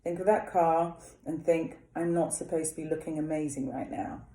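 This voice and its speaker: A woman singing teacher leading a vocal warm-up, chatting casually and demonstrating lip trills and vowel exercises. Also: deep voice, fairly even intonation, moderate pace, reverberant.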